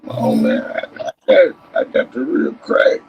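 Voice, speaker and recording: A man with a Tennessee accent showing off maps and artifacts in a casual vlog, animated and emphatic, breaking into shouts. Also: unhurried, muffled recording, noisy background. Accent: Southern US, Tennessee. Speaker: history vlogger. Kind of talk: excited casual show-and-tell.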